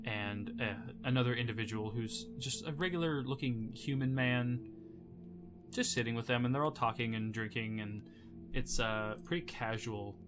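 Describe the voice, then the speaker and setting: A man narrating as game master, casual and halting as he describes scenes. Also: mid-range voice, steady tone, over music.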